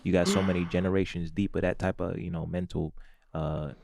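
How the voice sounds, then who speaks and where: Deep-voiced laughing man, dry sound. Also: little pitch movement, a little fast, gravelly, a little mellow, dry recording. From St. Louis, USA. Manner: laughs often, says "you know what I'm saying". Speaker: podcast co-host. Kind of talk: casual comedic chat.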